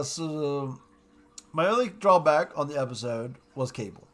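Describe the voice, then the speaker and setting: His voice on the high side, a man runs through a cartoon episode, recapping and reviewing it casually. He's excited and rambly, firing off quick character quotes along the way.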